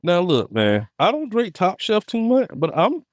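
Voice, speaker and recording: Animated, high-voiced man hosting a podcast. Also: unhurried, no echo, studio quality. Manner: animated storyteller, laughs often, loose slang. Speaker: podcast host. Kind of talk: casual podcast chat. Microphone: studio podcast mic.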